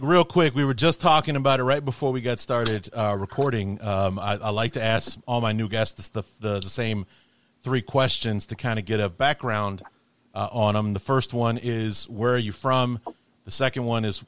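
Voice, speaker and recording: A man's voice: on the low side, no echo. A man hosting a sports podcast, talking casually with lots of fillers and restarts. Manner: rambling, many fillers and restarts. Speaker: podcast host.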